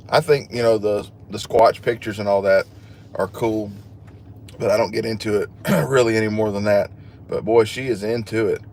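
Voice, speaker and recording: A man's voice: fairly low pitch, darkish tone, slight background noise. A man hosting a casual livestream, chatting with viewers and joking at his own expense. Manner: chatty and joking, laughs at himself. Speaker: livestream host. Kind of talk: casual live chat, reading viewer comments.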